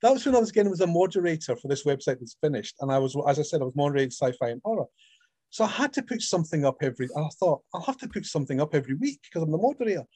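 A middle-aged Scottish man talks about his writing in an interview and tells stories with animation. His voice sits a little high for a man. The recording is dry and close, with no room echo. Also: very fast, breathy edge. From Scotland. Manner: animated storyteller, acts out quoted voices. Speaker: author guest. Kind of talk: casual interview chat.

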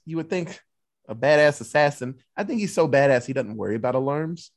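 A man's voice: mid-range voice, lively intonation, brisk. A man casually retelling a movie plot for a podcast, loose and profane, slipping into the characters' lines. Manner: loose, profane storytelling with acted-out quotes. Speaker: podcast co-host.

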